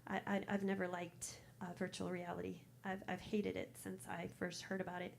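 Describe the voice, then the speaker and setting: A woman's voice: on the low side, little pitch movement, normal speed, gravelly. Minnesota lady in her 50s rambling on a coffee shop stage, lots of ums, faint room noise behind. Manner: nervous, chatty, rambling with fillers and laughs. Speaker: open mic performer. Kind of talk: casual chat before a poem.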